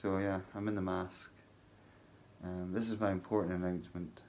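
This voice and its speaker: A man talking casually to his viewers from his hotel workplace at night, halting and full of ums, with a wry sense of humour. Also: sits low, little pitch movement, darkish tone, slight background noise. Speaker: vlogger. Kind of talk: casual spoken vlog.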